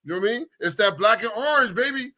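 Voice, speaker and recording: A man from New York City co-hosting a radio talk show, bantering in an animated, slangy way and cutting in to tease his co-host. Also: sits high, quick pace, a loud crowd. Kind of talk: casual banter.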